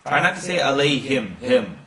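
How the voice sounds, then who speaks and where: A man's voice: mid-range voice, big pitch swings, sharp tone, roomy sound, recorded from a distance. A man teaching pronunciation of a recited text, drawing out each syllable and chanting phrases as he demonstrates. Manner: slow drawn-out demonstration of sounds, chanting recitation. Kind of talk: pronunciation lesson.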